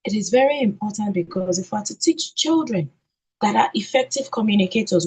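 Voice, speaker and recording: A woman's voice: medium pitch, animated, dark tone, poor audio. A woman training teachers in an online session, repeating key words and answering her own questions. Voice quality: husky. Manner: sounds out letters slowly.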